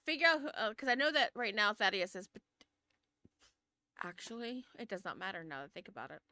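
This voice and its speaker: A woman's voice: mid-range voice, lively intonation, a little fast, sharp tone, dry recording, studio quality. A woman running a tabletop game as game master, describing scenes in a chatty way with plenty of fillers.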